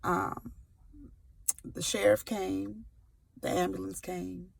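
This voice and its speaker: Speaking slowly in a level, creaky voice of medium pitch, a sickle cell advocate in her forties tells her own story to camera. She's from California and is recording before work, candid and playful with slang thrown in, and there's no echo.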